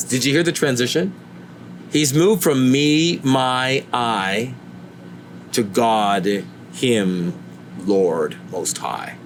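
An earnest male preacher delivering a sermon at a medium pitch. When he voices pleading questions to God, his voice climbs higher. A faint hiss sits under the recording. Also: drawn-out words.

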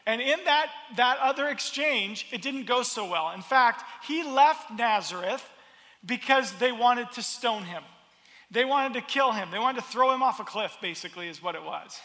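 A man preaching a sermon, expressive and repeating his words as he builds each point. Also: very high-pitched, moderate pace, big-room sound. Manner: expressive, acts out crowd voices, repeats words. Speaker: pastor.

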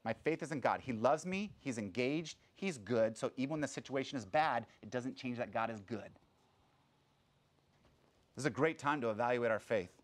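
A man giving a sermon as a pastor, talking casually and acting out quotes in a louder voice. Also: mid-range voice, normal speed. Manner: conversational, animated preaching with sudden loud acted quotes.

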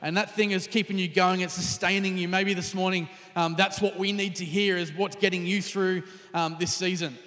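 A man's voice: sits high, level tone, normal speed, hardly any pauses, fairly bright tone, in a large hall. A man preaching a conversational sermon, sometimes dropping to a near whisper. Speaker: pastor.

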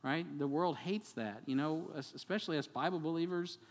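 A man preaching a sermon as pastor, animated and conversational, acting out quotes and adding asides to the congregation. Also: a little high, a little fast, long reverb tail. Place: church sanctuary.

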